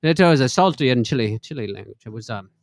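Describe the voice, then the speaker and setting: A man's voice: medium pitch, animated, fast. A man hosting a casual live stream, joking in puns and reciting comic rhyming verse. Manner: playful, punning, self-deprecating jokes. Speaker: livestream host.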